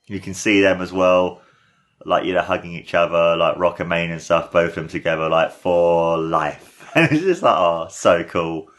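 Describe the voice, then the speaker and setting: A young man hosting a casual watchalong, talking excitedly and rambling as he gushes over what he sees. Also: low-pitched, moderate pace. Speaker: podcast host.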